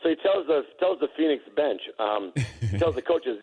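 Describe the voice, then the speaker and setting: A man's voice: a little high, big pitch swings, normal speed, slightly rough, muffled recording. A man, a former basketball player, recounting a game anecdote in an interview, stammering and restarting, chuckling.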